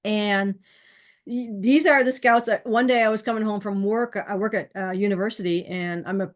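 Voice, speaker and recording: A woman's voice: medium pitch, fairly even intonation, moderate pace. A woman hosting her own channel, telling a personal story in a chatty, rambling way, full of fillers and acted-out quotes. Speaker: channel host. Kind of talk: casual storytelling to camera.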